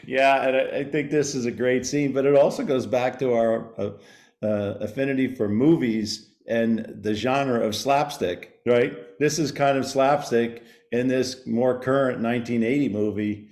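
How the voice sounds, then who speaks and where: A middle-aged man co-hosts a casual podcast, enthusiastic and laughing often as he talks. His voice is mid-pitched. The sound is roomy, with noticeable echo around him. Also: steady tone, a little slow, darkish tone. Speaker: podcast co-host. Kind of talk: casual chat.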